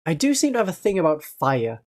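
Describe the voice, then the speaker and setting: Chatting on a livestream with frequent laughter, this northeast England streamer has a Northeast English accent and a gentle tone. The voice is mid-range and brisk, with big swings in pitch.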